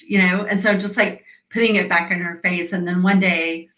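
Bright-voiced middle-aged woman, roomy sound. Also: fairly low pitch, fairly even intonation, moderate pace, hardly any pauses, far from the mic. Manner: earnest, storytelling, frequent fillers. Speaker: guest, coach. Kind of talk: conversational interview. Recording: roomy echo.

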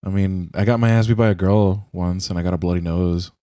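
Young guy, mellow tone, dry close computer mic, rambling and profane casual storyteller. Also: low voice, fairly even intonation, a little fast, no room sound. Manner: rambling, profane, heavy use of "like". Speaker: podcast co-host. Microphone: computer mic on a voice call.

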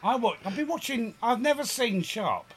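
A man in casual podcast chat, telling stories in a rambling, animated way with frequent restarts. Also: extremely high pitch, moderate pace, breathy edge.

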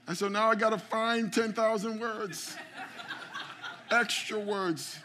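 A pastor delivers a sermon in a church sanctuary, calling out to his congregation and frequently repeating words as he begins a phrase. His voice is high and fairly bright, with fairly even intonation and a normal speed.

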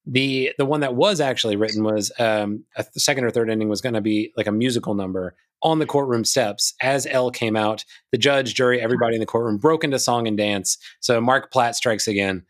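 A man's voice: mid-range voice, brisk, hardly any pauses. A man hosting a podcast in casual chat, recapping a film with wry asides. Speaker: podcast host.

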